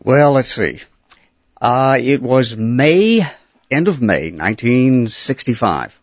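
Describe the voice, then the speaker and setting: An older man and former disc jockey, recalling his start hesitantly in a radio studio interview with many pauses. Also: medium pitch, very animated, no room sound, dull audio. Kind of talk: casual interview.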